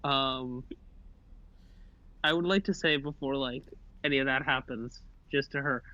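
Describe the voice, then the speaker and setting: A man's voice: medium pitch, a little slow, long pauses, pushed and bright. A man in a tabletop game, casual and a bit hesitant, heard through a dull, muffled voice chat line. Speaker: player. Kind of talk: tabletop role-play chat.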